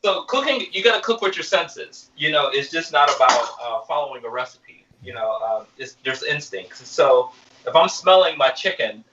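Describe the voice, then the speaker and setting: A man, an executive chef, explaining a live cooking demo in a relaxed way while he cooks. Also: fairly high pitch, moderate pace, reverberant, recorded from a distance, muffled recording, noisy background.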